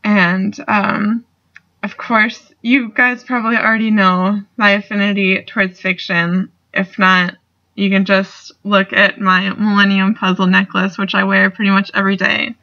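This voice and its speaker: Young woman vlogging slow, gravelly bright voice, swears a lot, lo-fi sound. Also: mid-range voice, level tone. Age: young adult. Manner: rambling, swears casually, many fillers. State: getting emotional. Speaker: student vlogger. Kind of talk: casual video response. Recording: dull lo-fi recording.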